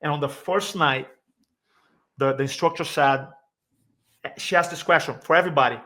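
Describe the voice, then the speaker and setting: Bright and forceful, his pitch fairly high, this San Diego-area speaking coach tells a podcast an emotional personal story at a moderate pace with long pauses. His grammar is slightly non-native, and he voices the people he quotes.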